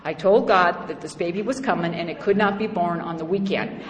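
A woman's voice: fairly low pitch, fairly quick. Middle-aged woman telling a story in a hall. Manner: animated, humorous storytelling, acts out other voices. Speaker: speaker sharing her story at a recovery meeting. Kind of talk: personal testimony talk. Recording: echoey hall with faint background noise.

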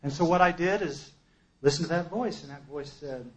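A man giving a personal testimony at a recovery meeting, an emphatic storyteller who swings between loud outbursts and hushed asides. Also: a little high, moderate pace, highs cut off.

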